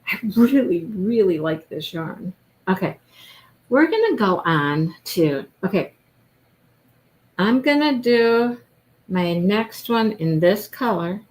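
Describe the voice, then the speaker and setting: Lady crochet streamer, slow easy chat, gushes over cute stuff, thinks out loud following a video. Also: mid-range voice, low-quality recording. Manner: gushing, thinks aloud while following a video. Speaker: crochet livestream host. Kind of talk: casual crochet-along livestream chat.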